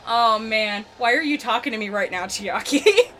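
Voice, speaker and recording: A woman gaming YouTuber giving excitable, giggly let's play commentary and gushing over the story as she plays. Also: on the high side, moderate pace, slight background noise.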